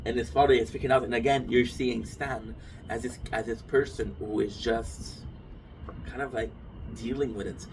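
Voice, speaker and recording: A man's voice: mid-range voice, fairly even intonation, moderate pace. Rambling man recorded from a distance. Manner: rambling, self-correcting, swears casually. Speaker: collector reviewing his figures. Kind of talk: casual rambling talk to camera. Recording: distant mic with noisy room ambience.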